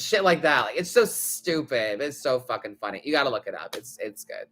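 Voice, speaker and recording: Bright, chatty tarot reader. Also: male voice, mid-range voice, big pitch swings, brisk, few pauses. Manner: chatty, loose, heavy "like" fillers, swears, laughs often. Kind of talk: casual live-stream chat.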